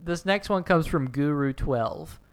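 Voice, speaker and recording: A man's voice: a little high, animated, clean tone. A man co-hosting a podcast, reading reviews in a casual, joking way, with lots of fillers and laughs. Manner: laughs often, halting with many fillers. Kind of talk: casual comedic chat.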